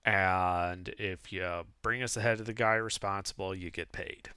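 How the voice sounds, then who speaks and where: A man's voice: low-pitched, steady tone, normal speed, bright, forceful tone, clear, resonant tone, no echo, studio quality. A man voicing a bored human tax collector who answers curtly and dismissively.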